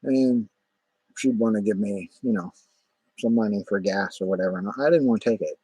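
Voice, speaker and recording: A man with a low, slightly husky voice tells a long story in a loose, rambling way. His talk is profane and full of "you know" and "whatever," with a close, dry sound and no room around it. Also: normal speed, dark tone, no room sound, poor audio. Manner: rambling, profane, many fillers. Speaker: vlogger. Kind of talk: casual spoken storytelling.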